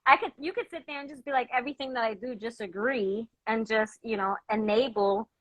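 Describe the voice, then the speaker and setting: A woman's voice: on the high side, fairly quick, no echo, poor audio. A young adult woman from New York, chatting casually and expressively, acting out little quotes. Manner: expressive, quotes people, swears. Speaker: host. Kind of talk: casual chat.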